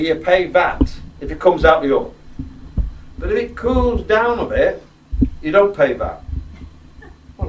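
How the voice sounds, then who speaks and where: A man from Yorkshire, giving an informal campaign speech to local residents. He is jokey and blunt and throws questions to the crowd. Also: fairly high pitch. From Yorkshire, England. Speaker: politician addressing local residents. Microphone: distant microphone. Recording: roomy, distant, noisy ambience.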